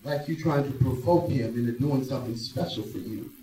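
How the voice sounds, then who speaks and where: A man preaching a sermon in a church, swinging between hushed, drawn-out phrases and loud emphatic bursts. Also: medium pitch. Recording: echoey room, voice from a distance.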